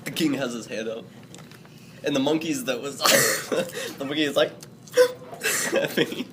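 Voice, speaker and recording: A man narrating as game master in a tabletop role-play, relaxed and full of fillers. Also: medium pitch, takes it slowly. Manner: relaxed, laughing, hedging fillers. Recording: noisy home recording.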